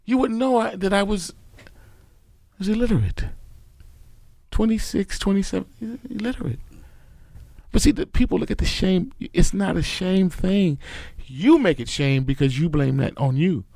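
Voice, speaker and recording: A man's voice: high voice, normal speed, creaky, a little mellow, no room sound. A middle-aged man, a podcast guest telling his life story in an emphatic, preachy way. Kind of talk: casual storytelling interview.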